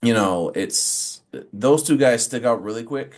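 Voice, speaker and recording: A forty-year-old man chatting as an interview guest, pitched in the middle for a man. He tells stories with lots of "um" and "you know," jumping into quoted lines with animated energy. The delivery is casual and earnest. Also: unhurried. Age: 40s. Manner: animated storyteller who acts out quotes, many fillers. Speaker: pro wrestler and referee guest.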